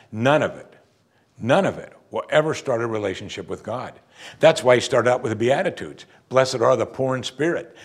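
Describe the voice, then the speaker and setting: Husky-voiced man preaching animatedly. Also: medium pitch. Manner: lively, emphatic preaching with rhetorical questions. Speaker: pastor. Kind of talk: sermon.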